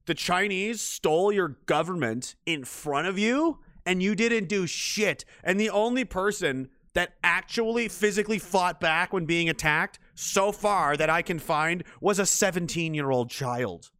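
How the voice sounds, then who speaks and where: A man's voice: sits high, measured pace, few pauses, fairly bright tone, no echo, studio quality. A man ranting sarcastically and with heavy swearing as he comments on news stories during a live stream. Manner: profane, sarcastic, mocking.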